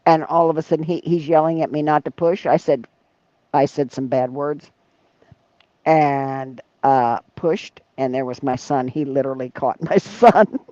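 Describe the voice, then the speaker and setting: A woman hosting a casual chat, telling stories in an animated way and laughing often. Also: sits low, a little slow, no echo, highs cut off. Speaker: leatherwork channel host.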